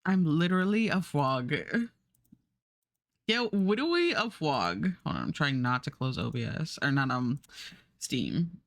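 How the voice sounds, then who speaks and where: A woman's voice: low-pitched, big pitch swings, a little slow, vocal fry, pauses often, dry recording, clean studio sound. A woman streamer chatting casually while she draws, rambling and laughing often. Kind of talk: casual live-stream chat while drawing. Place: home streaming setup.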